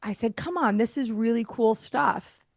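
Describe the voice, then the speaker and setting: A woman's voice: on the high side, moderate pace, gravelly, dry recording. A woman guest on a podcast, an airway therapist, telling a story casually, laughing often and acting out other people's lines. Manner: lively, acts out quoted dialogue.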